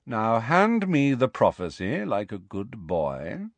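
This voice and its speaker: A man voicing a cold, aristocratic male villain with a low, slow, sneering drawl. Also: wildly swooping pitch, no room sound, heavily acted.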